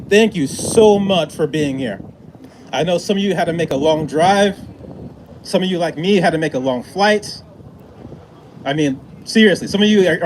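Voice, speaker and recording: A man's voice: sits high, poor audio. Guy hosting a protest, introduces speakers, repeats words a lot, outdoor noise. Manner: warm, repeats words, restarts often. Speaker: event host. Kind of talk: casual emcee remarks.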